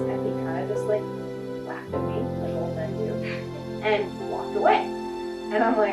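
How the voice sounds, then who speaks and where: A woman's voice: mid-range voice, unhurried, long pauses. A woman homeowner telling her house's stories in a casual, chatty way, acting out the people she quotes. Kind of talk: casual storytelling interview. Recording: echoey room heard from a distance, music behind.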